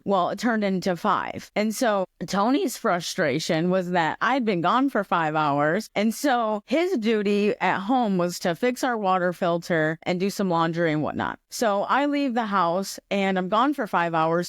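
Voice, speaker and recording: A woman's voice: medium pitch, expressive, a little slow, no room sound, studio quality. A woman co-hosting a podcast, telling a personal story in a casual, reflective way. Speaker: podcast co-host. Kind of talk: casual chat.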